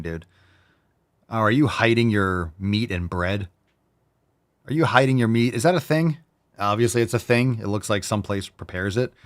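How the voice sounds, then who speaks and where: A man hosting a podcast in casual chat, rambling, jokey and full of profanity. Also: fairly low pitch. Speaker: podcast host.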